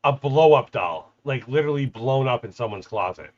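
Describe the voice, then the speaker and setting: A man's voice: medium pitch, lively intonation, normal speed, highs cut off. A man co-hosting a podcast in casual chat, joking, laughing and swearing. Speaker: podcast co-host.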